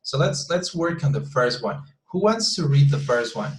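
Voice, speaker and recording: A man teaching an online English class, patiently repeating example sentences slowly with the stress moved around. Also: medium pitch, expressive, a little hiss or hum, low-quality recording.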